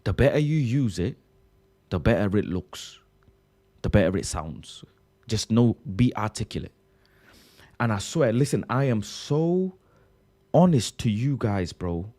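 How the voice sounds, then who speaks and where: A young Bangladeshi man with a British accent performs a slangy comic monologue, animated and full of bursts of laughter, repeatedly saying bro. His voice is fairly low and a little slow, with long pauses.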